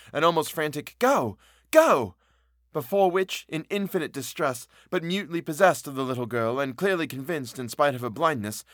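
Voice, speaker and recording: A man reads a classic ghost story in a measured, expressive way, at a middling pitch. The sound is dry and close, with no room around it. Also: dry recording. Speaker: audiobook narrator. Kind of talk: scripted narration of a classic novel.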